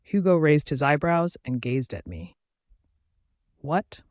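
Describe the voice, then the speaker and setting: A man's voice: fairly high pitch, sing-song, normal speed, no room sound. Man narrating an audiobook, dry. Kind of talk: scripted first-person narration.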